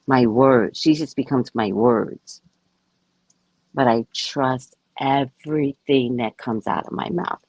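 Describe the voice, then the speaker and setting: A woman psychic reader chats casually with her viewers about spiritual matters, emphatic and sure of herself. Her voice is bass-deep with a darkish tone, slow, and has no room sound.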